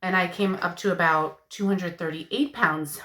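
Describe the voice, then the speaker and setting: Bright-voiced woman in her thirties, halting. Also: fairly low pitch, reverberant. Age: 30s. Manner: candid, halting, many fillers. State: emotional. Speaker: vlogger. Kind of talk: personal video update.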